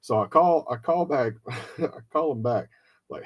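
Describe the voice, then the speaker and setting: A man hosting a podcast tells an emotional story in casual, profane chat, acting out his friends' voices. His medium-pitched voice is expressive and a little slow.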